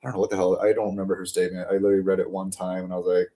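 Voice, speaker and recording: A vlogger tells a story casually to the camera, drifting off topic, swearing freely, and using lots of fillers. His voice is deep and warm with a level tone, and he talks at a racing speed.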